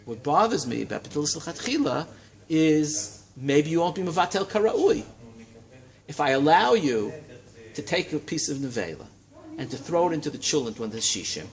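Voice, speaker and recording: A man teaching a Talmud class in a study hall, lecturing in a lively way and checking in with his students. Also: on the high side, normal speed. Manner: animated, lively teaching with frequent check-ins and rising emphasis.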